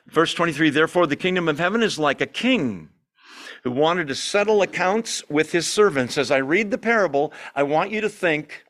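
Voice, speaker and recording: A man leading a Bible study, reading scripture aloud and breaking in with asides, slowing down to stress key words. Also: fairly high pitch, fairly bright tone. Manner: reads scripture aloud with asides, slows for emphasis.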